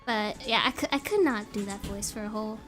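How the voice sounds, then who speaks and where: A woman's voice: medium pitch, a little fast, a bit bright, soft background music. A young woman chatting on a live stream in a bubbly, giggly, rambling way. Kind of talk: casual live-stream chat.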